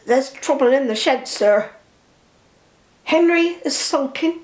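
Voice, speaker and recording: A woman's voice: sits high, animated, slow pace, a little mellow, reverberant, voice pushed up. A woman voicing a worried, polite male station master. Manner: polite and anxious.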